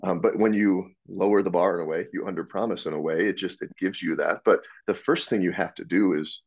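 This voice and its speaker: A man telling stories as a podcast guest, animated and frank, acting out dialogue and swearing freely. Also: low voice, fairly quick, creaky, hardly any pauses. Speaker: podcast guest, business owner. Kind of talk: casual interview storytelling. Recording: dull lo-fi sound.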